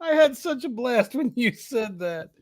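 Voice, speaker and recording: A man's voice: extremely high pitch, sing-song, a little slow, no room sound. A man hosting a sports podcast, amused and laughing along with his guests. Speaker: podcast host. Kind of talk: casual podcast chat.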